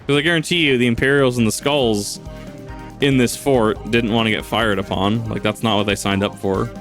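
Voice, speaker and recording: A man's voice: medium pitch, steady tone, moderate pace, fairly bright tone, soft background music. A man casually commenting while playing a video game, rambling, joking, laughing often and swearing. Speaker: gaming channel host. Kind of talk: casual let's-play commentary.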